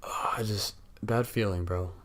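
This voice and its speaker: A young man co-hosting a casual podcast, telling an animated story full of cussing and acting out what others said. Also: on the low side, measured pace. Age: young adult. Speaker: podcast co-host. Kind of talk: casual chat.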